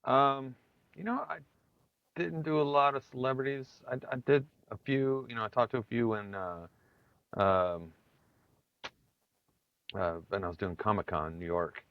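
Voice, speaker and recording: A male guest, a bass player, chatting in an interview with many pauses and fillers. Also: steady tone, no room sound. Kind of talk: casual interview chat. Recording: dry, slightly dull sound.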